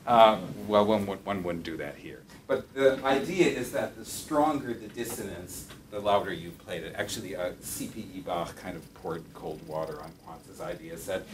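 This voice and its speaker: A man's voice: low-pitched, normal speed, hardly any pauses, slight background noise. A middle-aged man, a music professor, giving a classroom lecture in a thoughtful way, with many fillers and self-corrections. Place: classroom with piano. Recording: roomy distant classroom recording with piano.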